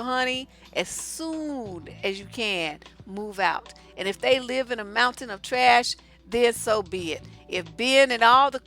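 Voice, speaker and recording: A woman relationship coach, giving blunt, profane, sassy advice while answering viewer questions on a live stream. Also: a little high. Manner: profane, sassy, animated storytelling.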